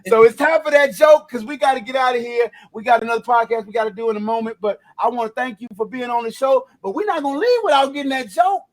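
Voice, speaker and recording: A man hosting a podcast with a high-pitched voice. He talks emphatically and builds up his praise with a preacher-like cadence. The tone is casual chat. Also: fast, few pauses. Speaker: podcast host and DJ.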